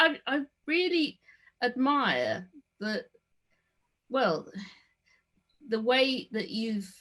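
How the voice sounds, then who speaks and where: A woman's voice: a little high, fairly bright tone. Chatty woman interviewer. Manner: chatty, stumbling over false starts. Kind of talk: casual interview chat.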